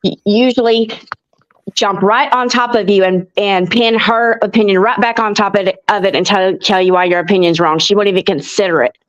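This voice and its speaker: A woman's voice: mid-range voice, steady tone, a little fast. Woman guest venting on a stream, muffled lo-fi audio. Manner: frank, insistent. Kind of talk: casual livestream chat.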